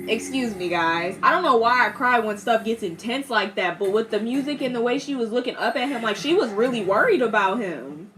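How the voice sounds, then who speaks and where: A young woman giving a casual movie reaction, animated, laughing often and acting out characters in quick voices. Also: medium pitch. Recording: steady background noise.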